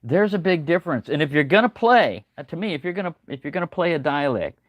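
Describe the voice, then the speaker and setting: A man's voice: a little high, animated, quick pace, no room sound, lo-fi sound. An older man rambling casually on a livestream, folksy and chatty, greeting viewers by name. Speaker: livestream host. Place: home, early morning.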